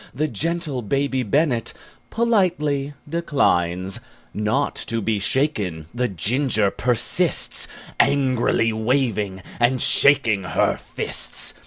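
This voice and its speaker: A man narrating a comic rhyming ballad in a slow, storytelling way. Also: medium pitch.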